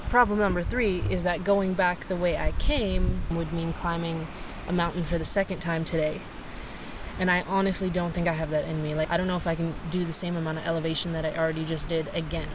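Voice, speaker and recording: A woman's voice: on the low side, steady tone, fairly quick. A tired woman narrating her solo cycling trip to camera, candid and reflective as she talks through her problems. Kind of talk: casual vlog narration to camera. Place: outdoors on a windy gravel road. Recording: outdoor wind noise on the mic. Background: wind and outdoor noise.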